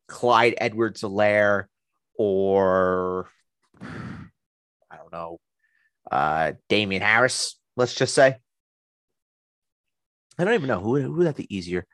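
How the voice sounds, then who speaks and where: A man's voice: low-pitched, vocal fry, a bit bright, no room sound. A man co-hosting a podcast, chatting casually about sports and restarting his sentences often. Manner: rambling, with many restarts and fillers. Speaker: podcast co-host.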